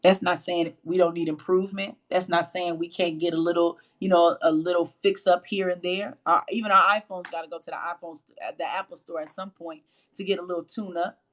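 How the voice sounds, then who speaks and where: A woman with a low voice hosting a faith-based motivational livestream, emphatic and preachy, repeating phrases for emphasis. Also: fairly even intonation, a little fast, hardly any pauses. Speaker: host and motivational speaker.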